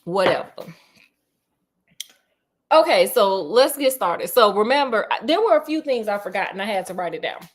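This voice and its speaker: A woman's voice: medium pitch, normal speed, long pauses. A woman retelling a novel in a sassy, casual chat, speaking straight to her listeners and acting out the characters. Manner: sassy, animated, talks to listeners as "girl" and "honey", acts out the characters. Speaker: storyteller host. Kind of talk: casual chatty book retelling.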